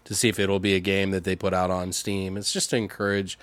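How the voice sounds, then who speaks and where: A man's voice: low voice, flat delivery, a little fast, no echo. A man co-hosting a casual podcast, swearing a lot and rambling through horror news, a bit tipsy. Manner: profane, rambling, jokey. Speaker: podcast co-host.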